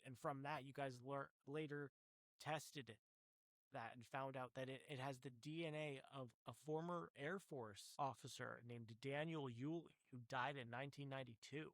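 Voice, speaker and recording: A man's voice: mid-range voice, normal speed, no room sound. A man narrating as game master of a tabletop horror game, often restarting his words as he explains the scene.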